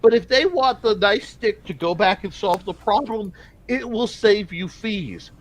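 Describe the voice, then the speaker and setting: A game master voicing a smooth-talking male elf pimp with a coaxing, persuasive patter in a tabletop role-play. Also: medium pitch, a little slow, lightly acted.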